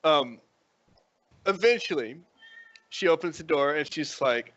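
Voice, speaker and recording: A man narrating as dungeon master for a tabletop game, telling it in an animated way with frequent chuckles. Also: a little high, measured pace, long pauses, no room sound, lo-fi sound.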